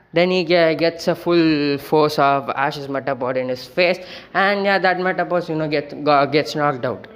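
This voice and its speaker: A man's voice: a little high, a bit bright. A man casually retelling a fan story, rambling with many fillers and self-corrections.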